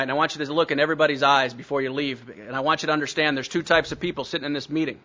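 A man's voice: a little high, steady tone, racing, pushed and bright, muffled recording. A man telling his recovery story to a meeting, blunt and self-mocking. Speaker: speaker sharing recovery story.

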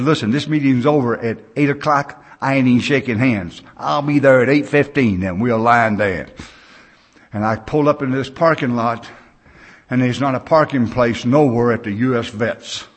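A man in his sixties speaking at a recovery meeting, telling stories in a folksy, plain-spoken way with loose grammar. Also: medium pitch.

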